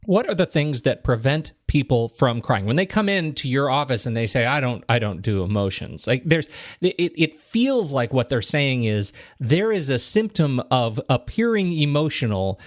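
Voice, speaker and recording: A man's voice: medium pitch, very animated, normal speed, dry recording, clean studio sound. A man co-hosting a podcast, asking questions in a supportive way and thinking aloud as he goes. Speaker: podcast co-host. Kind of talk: conversational podcast talk.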